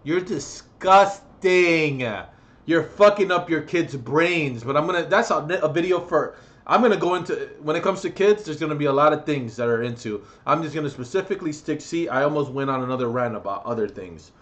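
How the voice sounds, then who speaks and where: A man delivering a heated, profane vlog rant straight to the camera, with loud outbursts. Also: on the high side, animated, quick pace. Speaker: vlogger. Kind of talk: ranting vlog monologue.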